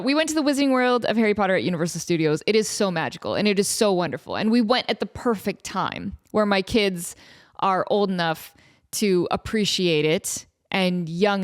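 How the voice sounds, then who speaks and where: A woman in her thirties hosting her own podcast, talking casually with frequent laughs and fillers. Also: medium pitch. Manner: chatty, laughing, lots of fillers. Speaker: podcast host. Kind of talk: casual chat.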